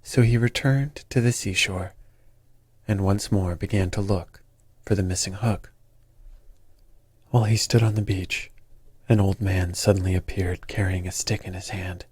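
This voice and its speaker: A man reads a calm bedtime story in a slow, soothing way. His voice is deep and husky, recorded close in a dry, dead space. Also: no room sound. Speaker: sleep story narrator.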